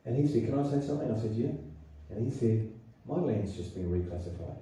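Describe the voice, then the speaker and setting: A man's voice: medium pitch, expressive, fairly quick, warm tone. A man with a New Zealand accent giving a political seminar speech, emphatic and firing rhetorical questions at the audience. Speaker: public speaker. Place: public hall. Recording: very echoey hall, voice from far off.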